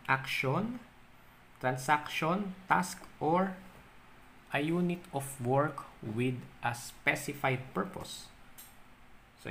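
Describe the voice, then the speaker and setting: A man's voice: medium pitch, fairly bright tone, a little hiss or hum. Filipino man teaching accounting. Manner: explains in mixed Tagalog and English, reading definitions then giving examples; stretches out key terms, pausing with "um". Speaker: accounting tutor. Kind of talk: recorded video lesson.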